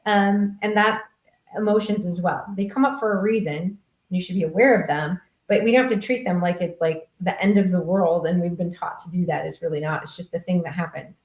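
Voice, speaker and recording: A woman's voice: fairly low pitch, a little fast, roomy sound, lo-fi sound. A woman coach speaking frankly and casually, answering questions at a group meetup, with casual swearing. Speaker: host and coach.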